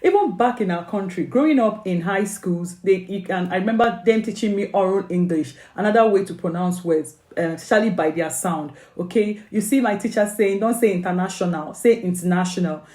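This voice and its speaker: A woman's voice: mid-range voice, a little fast, few pauses, darkish tone, reverberant. A woman with a Nigerian accent giving earnest, coaxing exam advice as an English tutor, with many questions and "okay?" checks. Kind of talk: motivational exam advice video.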